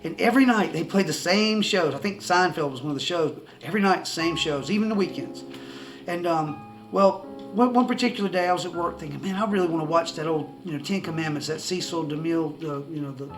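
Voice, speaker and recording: High-voiced man telling a rambling testimony. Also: fairly quick, music in the background. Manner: rambling, repeats and restarts words, chuckles often. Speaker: person giving a religious testimony. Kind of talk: casual storytelling to camera. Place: indoors at home in the countryside. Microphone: camera in front of a seated speaker.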